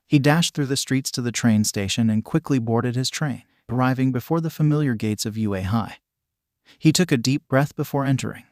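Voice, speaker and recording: A man narrates a fanfiction story in an even, matter-of-fact read. His voice sits at a middle pitch. The recording is dry and close, with no room sound. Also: dry recording. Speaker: fanfiction reader. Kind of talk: scripted narration.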